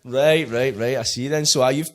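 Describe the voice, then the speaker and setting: A man's voice: mid-range voice, moderate pace. A man in his late twenties with a Glaswegian accent, hosting a casual podcast chat in a blunt, sweary, jokey way. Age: 20s. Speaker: podcast host.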